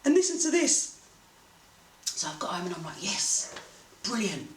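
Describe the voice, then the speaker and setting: Woman, lively swooping pitch, distant mic, faint hiss. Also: moderate pace. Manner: animated, laughing storyteller. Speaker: boxing promoter, guest. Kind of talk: casual storytelling interview. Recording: echoey room, mic at a distance, faint noise.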